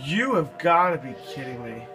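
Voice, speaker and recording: A man's voice: a little high, big pitch swings, normal speed, poor audio. A young man commentating a video game he is playing, frustrated and swearing often. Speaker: gameplay commentator. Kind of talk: let's play commentary. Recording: game music underneath.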